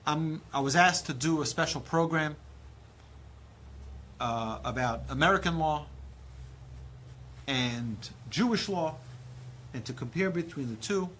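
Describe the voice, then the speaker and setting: A rabbi in his thirties teaches a Torah class with real energy, acting out dialogue and swinging widely in pitch and volume. He takes his time and pauses often, with slight noise in the background.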